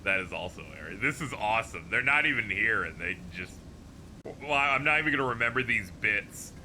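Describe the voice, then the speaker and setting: A man's voice: lowish voice, lively intonation, a little fast, sharp tone, slight background noise. A man streaming a video game live, chatting casually as he reads viewers' posts aloud, laughing often and swearing freely.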